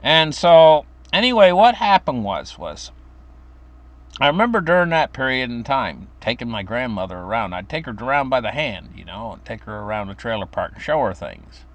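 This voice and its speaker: A man's voice: sing-song, normal speed. An older man casually telling a story from his childhood, rambling with fillers and restarts. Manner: acts out quoted voices in a high pitch.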